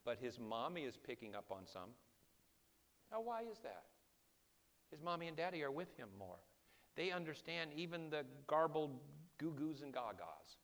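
Impassioned preacher, man with higher voice. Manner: impassioned preaching, swinging between hushed and loud. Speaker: pastor. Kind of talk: sermon.

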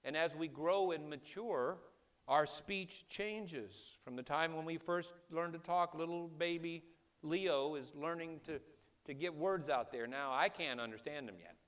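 Male pastor, higher-pitched, preaching with passion that drops hushed then rises loud. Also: measured pace. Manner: impassioned preaching, swinging between hushed and loud. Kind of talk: sermon.

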